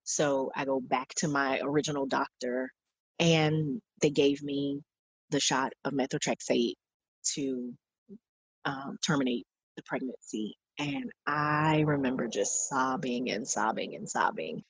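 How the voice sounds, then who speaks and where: A woman in her forties with a low voice and a husky edge tells her story as a podcast guest. She speaks earnestly and reflectively, slipping into the words of others as she recalls them. The recording is dry and close. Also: measured pace, no room sound. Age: 40s. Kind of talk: personal storytelling in an interview.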